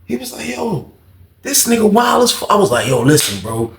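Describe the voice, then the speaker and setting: Speaking at normal speed in a high-sitting voice with vocal fry, a man hosts a storytelling channel and spins an animated storytime tale. He swears plenty, leans on casual slang, and shifts voices for each character's dialogue, all in a reverberant space.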